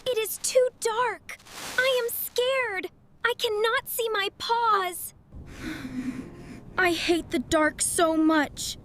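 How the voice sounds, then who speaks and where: A woman voicing a timid little male fox cub who is scared of the dark, in a slow storybook reading with gasping, whimpering exclamations. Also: very high voice, heavily acted. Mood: frightened.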